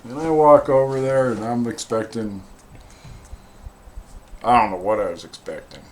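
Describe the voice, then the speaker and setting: A man's voice: medium pitch, moderate pace. Man telling a wry dog story. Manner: wry, animated, acts out quoted voices. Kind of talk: casual storytelling.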